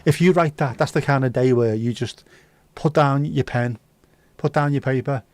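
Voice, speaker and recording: A man's voice: medium pitch, normal speed, darkish tone, slight background noise. A man hosting a livestream, reading viewer comments aloud with sweary, jokey banter. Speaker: livestream host. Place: indoors.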